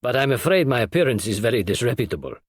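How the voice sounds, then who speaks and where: A man's voice: mid-range voice, sing-song, fast talker, breathy edge, no room sound, studio quality. A man voicing a rueful, apologetic male doctor in a storybook reading.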